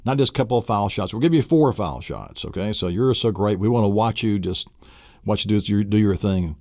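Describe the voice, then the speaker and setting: A man's voice: lowish voice, lively intonation, fairly quick, dark tone, no room sound, clean studio sound. A man teaching a memory course briefly speaks as friendly game officials, in an admiring, coaxing tone.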